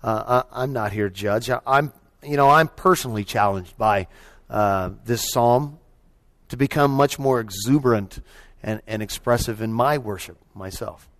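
A male pastor preaching a sermon in a conversational way, often restarting and saying "you know", swinging from loud cheering bursts to quiet reflective stretches. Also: mid-range voice, normal speed.

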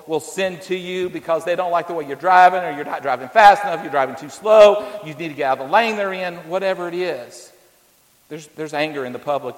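A man with a slightly high voice preaches in a folksy, anecdotal way, full of fillers and homespun stories. His voice carries a long reverb, as if from a church sanctuary. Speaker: pastor. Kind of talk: sermon.

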